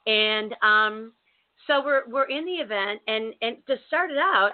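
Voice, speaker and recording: A woman co-hosting a talk show, telling a story in a casual, animated way with many restarts. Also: on the high side, measured pace. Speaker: co-host. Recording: narrow phone-like sound.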